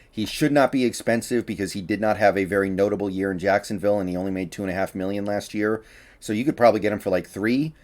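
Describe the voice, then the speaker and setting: Male sports commentator, casual solo talk, lowish voice, slightly winded, opinionated. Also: a little mellow. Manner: chatty, opinionated, with frequent fillers and restarts. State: a little out of breath.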